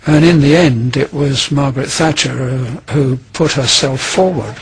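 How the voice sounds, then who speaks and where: A man recounting political history slowly and deliberately, pausing often. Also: mid-range voice, breathy edge, rough recording. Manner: slow and deliberate, with many pauses.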